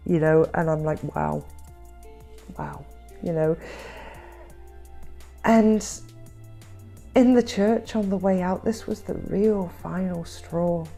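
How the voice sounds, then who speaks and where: A woman vlogger recounting her family estrangement in an emotional, halting way, repeating words when upset and close to tears at times. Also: on the low side, warm tone. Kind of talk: personal storytelling.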